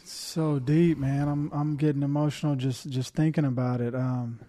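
A man's voice: mid-range voice, level tone, normal speed, warm tone, dry recording, clean studio sound. A man co-hosting a recovery podcast, speaking in a reflective, emotional way. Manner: joking, then emotional and reflective. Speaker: recovery minister and podcast co-host. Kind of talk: casual reaction chat.

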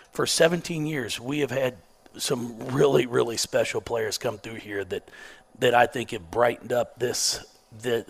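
A man's voice: mid-range voice, gravelly. A middle-aged man, a basketball coach who stutters, telling self-mocking stories in a sarcastic, laid-back way. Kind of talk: casual storytelling interview.

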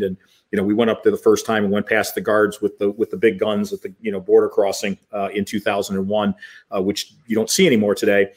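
A man answering as a podcast guest, talking casually with many ums and you-knows. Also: fairly low pitch. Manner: relaxed, many fillers like um and you know. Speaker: podcast guest, golf author.

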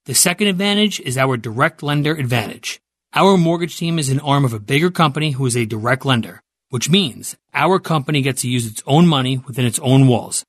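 A man reads a friendly, persuasive radio pitch. The sound is dry and close, with no room around it. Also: breathy edge, no echo. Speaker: mortgage company spokesman. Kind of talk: scripted radio ad.

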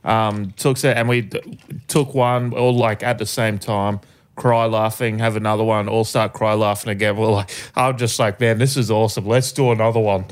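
A man's voice: fairly low pitch, level tone, moderate pace. A man in casual chat, telling a story with enthusiasm.

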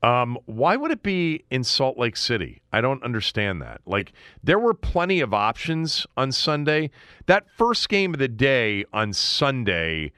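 A man's voice: mid-range voice, very animated, measured pace, bright, forceful tone, smooth, no echo, studio quality. A man hosting a casual sports betting chat, talking loosely with fillers and restarts. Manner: conversational, frequent fillers and restarts. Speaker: sports betting show host.

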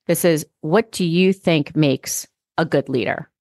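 A woman's voice: low voice, unhurried, darkish tone, no echo. A woman hosting a podcast, chatting with her guest and sharing her own stories. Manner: conversational, asks questions and tells her own stories. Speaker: podcast host. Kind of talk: casual interview. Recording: dry close mic.

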